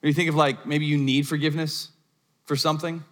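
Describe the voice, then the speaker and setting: A man's voice: a little high, little pitch movement, fast, fairly bright tone. A man preaching a sermon as pastor in a church, talking conversationally and often restarting his sentences. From United States. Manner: conversational, storytelling with frequent restarts. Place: church auditorium. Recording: long reverb of a church hall.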